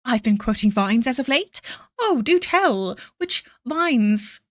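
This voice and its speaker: A woman's voice: a little high, expressive, takes it slowly, no room sound, studio quality. A woman in her thirties streaming while she draws, chatting casually and rambling, laughing often and quoting memes in put-on voices. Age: 30s. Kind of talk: casual livestream chat while drawing.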